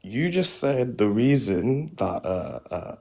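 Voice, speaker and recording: A man arguing a flat earth position in a heated online debate, pushing back with questions. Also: medium pitch, slow. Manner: argumentative, pushes back with questions.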